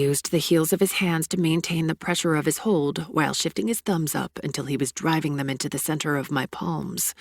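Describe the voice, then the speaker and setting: A woman narrating a first-person romance audiobook in an expressive, breathless storytelling manner. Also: deep voice, normal speed, vocal fry, few pauses, no room sound, studio quality.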